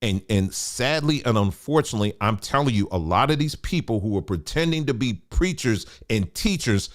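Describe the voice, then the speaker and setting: A man's voice: mid-range voice, expressive, normal speed. Emphatic man preaching informally. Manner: emphatic, repeats for emphasis, colloquial. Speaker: teacher.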